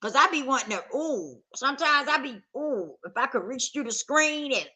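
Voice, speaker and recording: A woman's voice: sits high, animated, normal speed, sharp tone. A woman vlogger talking straight to camera in a casual, emphatic rant, circling back to the same points with heat. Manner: emphatic, repetitive, heated.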